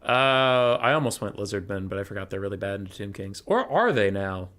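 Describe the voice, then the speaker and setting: A man's voice: lowish voice, animated, a little fast, fairly bright tone. A young man casually commentating his own strategy game stream, chatty and thinking aloud.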